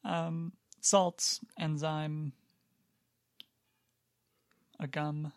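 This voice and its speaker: A podcast co-host chats along in a loose, rambling way, full of hedges and little asides, with a deadpan streak. The voice has a gravelly fry to it. The sound is dry and close, with no room around it. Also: mid-range voice, drawn-out words, dry recording. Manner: rambling, hedging, filler-heavy. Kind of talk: casual chat.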